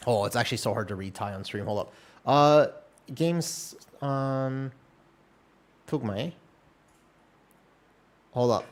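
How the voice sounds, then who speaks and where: A man chatting casually on a live game stream from a room at home, in a relaxed, rambling, self-deprecating way. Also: mid-range voice, takes it slowly, long pauses. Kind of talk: casual live-stream chat while gaming.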